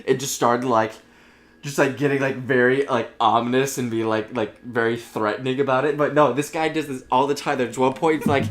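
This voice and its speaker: A young man co-hosting a casual gaming podcast, with a voice of middling pitch. He tells stories in a rambling way, restarts often and acts out the people he quotes. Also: steady tone, a little fast. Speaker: podcast co-host.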